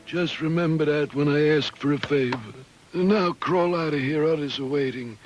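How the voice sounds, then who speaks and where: An actor voicing an aging mob boss father, gravelly and mumbling, in a 1970s cartoon over music. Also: a little high, normal speed, muffled recording, lightly acted. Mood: pompous.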